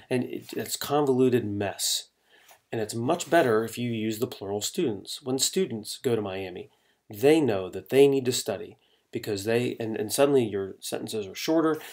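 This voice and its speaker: A man's voice: medium pitch, a little mellow. Casual, teasing male writing instructor. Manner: casual, teasing, exasperated about pet peeves. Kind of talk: recorded class lecture.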